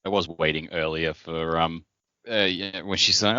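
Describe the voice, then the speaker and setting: A deep-voiced man rambles through a retelling on a podcast, stopping and restarting as he goes. His tone is bright and forceful despite the low pitch. The sound is dull and somewhat lo-fi. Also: steady tone, normal speed, no room sound. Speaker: podcast co-host. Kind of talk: casual chat. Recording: dull, slightly lo-fi podcast audio.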